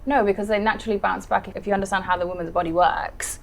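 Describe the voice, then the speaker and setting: Fast-talking blunt woman interviewer. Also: mid-range voice, fairly even intonation, creaky, slight background noise. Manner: blunt, pointed questions. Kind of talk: casual interview.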